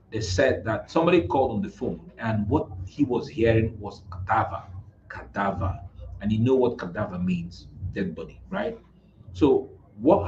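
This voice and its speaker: A man's voice: on the low side, a little mellow. A Nigerian man coaching on marketing, emphatic and repetitive, often checking in with "right?" as he explains. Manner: emphatic, repeats words, frequent "right?" tag questions. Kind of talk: motivational business talk. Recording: echoey, dull lo-fi room sound with faint noise.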